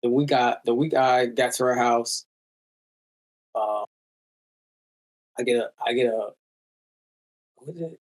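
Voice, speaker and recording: A man guest in a casual interview, telling a story in a lively way with slang and loose phrasing. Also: medium pitch. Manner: animated storyteller, acts out quoted voices. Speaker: musician guest.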